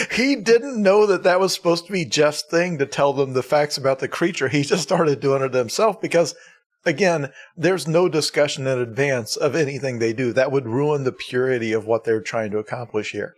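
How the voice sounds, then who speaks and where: A man's voice: mid-range voice, normal speed. A man co-hosting a podcast in casual chat, explaining things in a dry, sardonic way. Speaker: podcast co-host.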